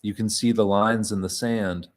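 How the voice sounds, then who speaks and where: A man giving a measured, quiet reading of literary fiction in the first person, pausing often between short phrases. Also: lowish voice, fairly even intonation. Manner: slow, measured, quiet delivery with frequent pauses.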